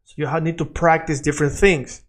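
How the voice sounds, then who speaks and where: A man leads a lesson in a fairly high voice. He explains in English, then drills the examples by repeating them again and again. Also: steady tone, brisk. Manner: switches between English explanation and Spanish examples. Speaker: Spanish teacher. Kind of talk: online language lesson.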